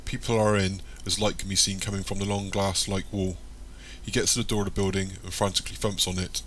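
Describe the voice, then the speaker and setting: A man reading an audiobook chapter in plain, even scripted narration. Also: low voice, brisk, a little hiss or hum.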